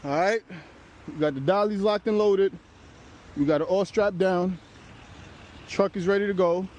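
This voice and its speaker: Speaking at a moderate pace in a high-sitting voice, a tow vlogger explains the job to his audience while he works. He sounds out of breath, laid-back, and occasionally profane; faint vehicle and street noise carries from the street and his pickup truck.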